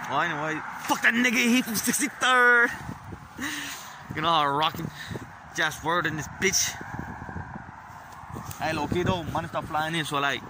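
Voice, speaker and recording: A young man vlogging on a phone outdoors at a bus stop, boastful and profane in a loud, swaggering way. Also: a little high, moderate pace, long pauses. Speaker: vlogger and rapper. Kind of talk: casual street vlog, partly rapped. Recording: outdoor phone recording with traffic noise. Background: street traffic.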